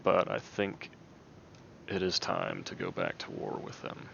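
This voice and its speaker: Deep gravelly guy thinking out loud over a strategy game, voice goes up and down a lot, kinda dull sound. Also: a little slow, a little hiss or hum. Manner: thinking aloud, relaxed. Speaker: gaming video host. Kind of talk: casual game commentary.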